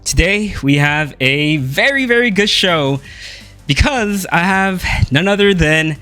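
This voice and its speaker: A young man hosting a casual podcast interview, upbeat and quick with questions, laughing often. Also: high-pitched, lively intonation, sharp tone, clear, resonant tone, faint music behind. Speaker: podcast host.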